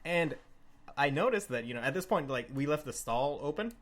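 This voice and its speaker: A man's voice: fairly high pitch, animated, brisk. A young man from Mexico co-hosting a casual chat, telling a rambling story with lots of fillers and laughter. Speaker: co-host.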